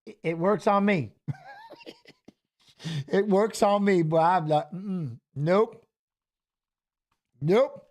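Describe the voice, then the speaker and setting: A man co-hosting a casual live-stream watch-along, excitable and joking, laughing often. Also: high-pitched, slow pace, long pauses.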